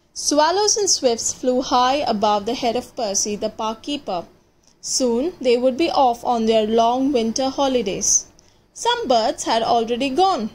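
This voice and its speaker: High-voiced woman reading a children's story. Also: darkish tone, a little hiss or hum. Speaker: storyteller and channel host. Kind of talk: children's story read-aloud.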